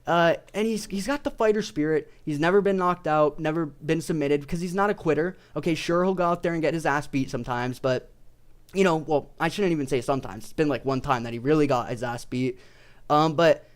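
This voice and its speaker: A young video creator rants casually about his favorite fighters, rambling excitably and swearing nonstop. His voice is on the high side and brisk.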